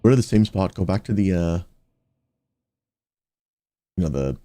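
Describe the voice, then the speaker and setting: A man's voice: low voice, expressive, moderate pace, dark tone, no room sound. A man who pastors and streams, chatting casually with his viewers while gaming and slipping into preaching. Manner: upbeat, talks straight to chat, slips into preaching.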